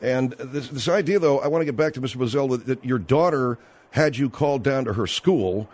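A man's voice: mid-range voice, fairly quick, a little mellow. A man hosting a talk radio show, questioning a guest and interrupting with pointed questions.

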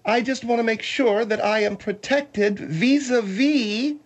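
A man's voice: very high voice, unhurried, voice pushed up. Guy putting on a prim touchy lady, all huffy and proper, radio comedy bit. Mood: indignant. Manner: prissy, easily offended. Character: fussy prim older woman guest.

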